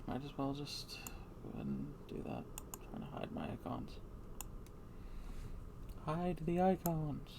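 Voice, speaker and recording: A man's voice: medium pitch, sing-song, normal speed, creaky, noisy background. A man streaming live, rambling in a hesitant, mumbling, self-deprecating way.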